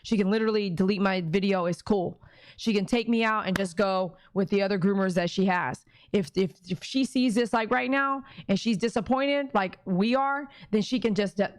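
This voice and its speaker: A woman on a livestream, reading viewer comments aloud and talking straight to her fans in an animated, emotional way. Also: medium pitch, no room sound. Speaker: dog groomer and YouTuber.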